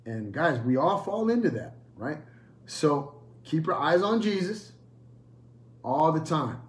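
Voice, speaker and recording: Animated preacher man in an echoey room. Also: on the high side, slow. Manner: emphatic, repeats phrases and asks rhetorical questions. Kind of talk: sermon.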